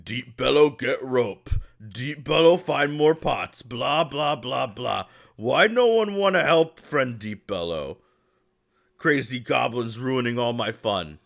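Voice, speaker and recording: A man voicing a big, slow, grumpy male ogre who talks in simple broken sentences. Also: medium pitch, animated, gravelly, voice pushed up. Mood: whiny. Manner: simple broken speech, sulky.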